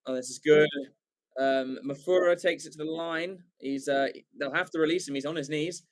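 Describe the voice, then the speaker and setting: An English man giving live play-by-play rugby commentary for a watchalong stream, excitable and rambling, full of fillers and self-corrections. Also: a little high, normal speed. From England.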